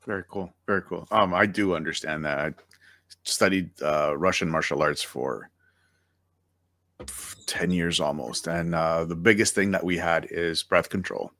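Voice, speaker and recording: Man, very low voice, podcast host, relaxed, reflective, dry recording. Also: unhurried, dry recording. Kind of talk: conversational interview.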